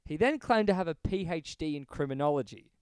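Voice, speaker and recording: A man recounts a story with real exasperation, his voice slightly high and leaping all over the place as he acts out other people. The tone is smooth and clear, and the recording is close and dry with no room sound. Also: fairly quick, no room sound. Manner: animated, exasperated storyteller who swears and acts out quotes. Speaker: paramedic telling a work story. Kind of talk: casual podcast chat, storytelling.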